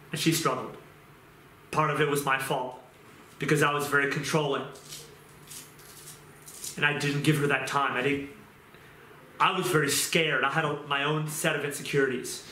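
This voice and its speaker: A middle-aged male pastor preaching an impassioned sermon, moving from quiet talk to shouting. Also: on the high side, a little hiss or hum. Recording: roomy echo.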